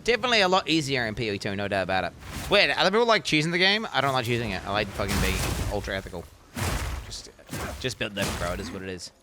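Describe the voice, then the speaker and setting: A young man streaming a game, chatting casually with lots of swearing and sudden excited yells. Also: lowish voice, racing, noisy background. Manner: profane, rambling, bursts into excited yells. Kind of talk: casual live-stream gaming chat.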